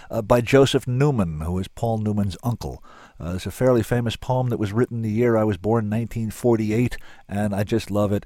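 A man hosting a show and reading fiction aloud in an expressive storytelling manner. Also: fairly low pitch, dry recording, studio quality. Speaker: host and reader. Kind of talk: scripted fiction narration.

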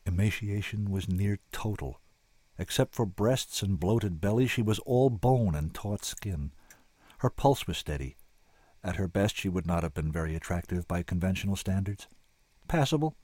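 A man's voice: low voice, animated, moderate pace, warm tone, dry recording. A man giving dry, wry first-person scripted narration as an audiobook narrator.

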